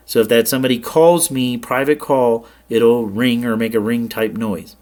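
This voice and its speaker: A man at mid pitch talks a viewer through software settings in an easygoing tutorial. He explains in a plain, relaxed way and stops now and then to check that the viewer is following. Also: normal speed. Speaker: ham radio tutorial host. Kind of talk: casual screen-share tutorial.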